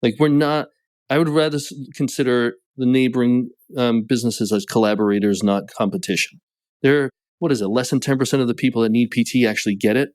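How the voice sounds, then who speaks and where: Animated New England man, chatty guest. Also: mid-range voice, fairly quick, dry recording, studio quality. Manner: animated storytelling, many "like" fillers. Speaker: podcast guest, business coach. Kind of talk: casual conversation.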